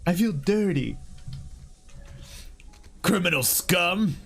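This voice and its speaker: Excitable streamer man with lively pitch. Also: slow pace, gravelly, breathy edge. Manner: excitable, swears and laughs a lot. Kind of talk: casual gameplay stream chat.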